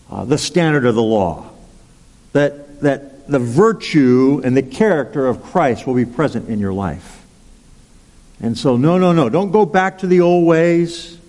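A male pastor preaching a sermon, unhurried and emphatic, repeating words and leading the congregation in call-and-response. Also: on the high side, dark tone. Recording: long hall reverb.

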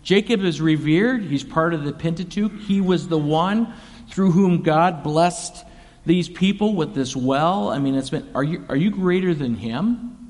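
A man preaching a sermon in a relaxed, conversational way, retelling scripture in casual everyday words. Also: fairly high pitch, unhurried, big-room sound. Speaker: pastor.

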